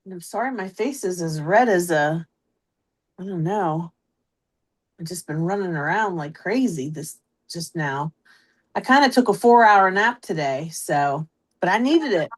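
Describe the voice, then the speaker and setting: A woman's voice: lowish voice, lively intonation, measured pace. A woman with a Pittsburgh accent hosts a live craft stream, chatting casually and greeting viewers by name. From Pittsburgh, USA. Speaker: host of a live stamping stream.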